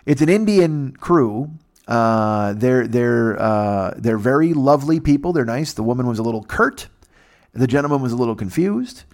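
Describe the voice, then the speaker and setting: An American man telling a long comic story in casual chat, animated and profane, putting on voices for the people in it. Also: mid-range voice, moderate pace. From United States.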